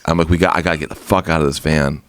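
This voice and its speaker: Low-voiced man telling a wild story. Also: very fast, slight background noise. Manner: animated, laughing, swearing, acts out quotes. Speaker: podcast guest, musician. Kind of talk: casual storytelling.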